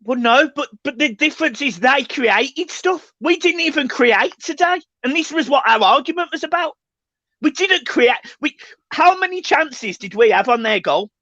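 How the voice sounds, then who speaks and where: A man's voice: very high-pitched, lively intonation, normal speed, pushed and bright, dry recording. A man co-hosting a fan channel, agitated and swearing, stumbling over words in a football reaction chat. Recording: dry, dull lo-fi sound.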